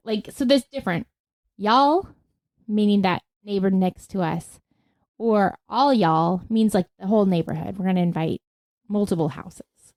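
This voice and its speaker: A woman's voice: medium pitch, moderate pace, darkish tone, dry recording. Woman, podcast co-host, casual chat, thinks aloud, laughs easily, dry.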